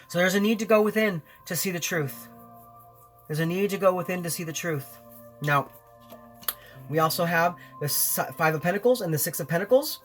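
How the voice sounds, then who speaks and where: A man with a fairly high-pitched voice gives a weekly tarot reading straight to the listener. He speaks in an earnest, encouraging way and leans on repetition to drive his points home. Soft music plays faintly beneath him. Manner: earnest, encouraging, repeats phrases for emphasis. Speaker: tarot reader.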